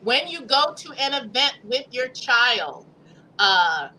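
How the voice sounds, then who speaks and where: A woman's voice: a little high, big pitch swings, slow, bright, forceful tone, slight background noise, rough recording. An older woman and grandmother co-hosting a casual panel chat, giving firm advice. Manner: firm, advising. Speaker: co-host.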